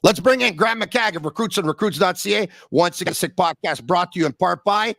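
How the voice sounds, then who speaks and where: Excitable, bright-voiced hockey podcast host man. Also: a little fast, creaky, dry recording, clean studio sound. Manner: excitable, sings and shouts bits, big pitch swings. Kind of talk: energetic sports talk.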